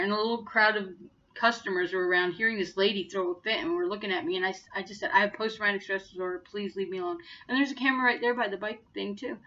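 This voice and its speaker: A woman's voice: mid-range voice, fairly bright tone, muffled recording. A woman in her fifties earnestly and indignantly retelling something that happened to her, in a personal storytelling vlog. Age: 50s. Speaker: vlogger.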